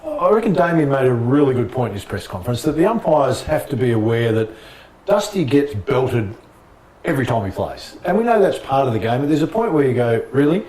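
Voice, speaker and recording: A middle-aged Australian man and former basketball player, telling lively anecdotes in a casual interview and laughing often. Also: mid-range voice, fairly quick, echoey room, distant mic.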